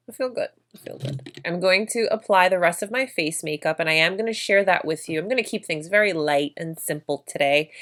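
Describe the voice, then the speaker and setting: Beauty vlogger, female, lower-pitched voice, chatty and gushing as she talks through makeup. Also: a bit bright. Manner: chatty, effusive about products. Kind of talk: makeup tutorial narration.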